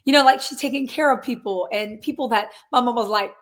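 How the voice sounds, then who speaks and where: An earnest woman in her twenties, a guest in a relaxed interview. Her voice sits a little high for a woman. She rambles, circles back, and slips into quoted asides. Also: a little fast. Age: 20s. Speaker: guest, singer and real estate agent. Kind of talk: casual conversational interview.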